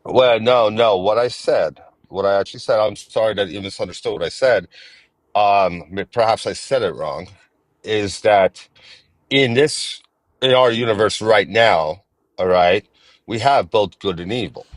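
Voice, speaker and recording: A man in his forties calling in to a live-stream debate, talking in halting restarts and repeating himself. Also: lowish voice, dry recording. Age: 40s. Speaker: guest caller.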